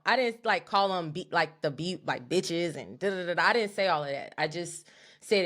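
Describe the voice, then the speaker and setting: A young woman co-hosting a podcast, telling an animated, profane story in a casual chat. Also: lowish voice, fairly quick. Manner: animated, profane, talks to her co-host as "girl". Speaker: podcast co-host.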